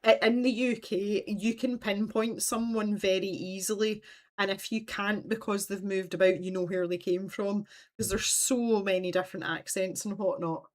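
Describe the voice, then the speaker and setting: A woman with a Scottish accent chats casually while hosting a livestream from her home. Her talk rambles from one thought to the next, and she laughs easily. Her voice sits at a middle pitch for a woman, picked up by the camera's mic. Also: fairly even intonation, normal speed. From Scotland. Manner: chatty and rambling, laughs often. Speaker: livestream host.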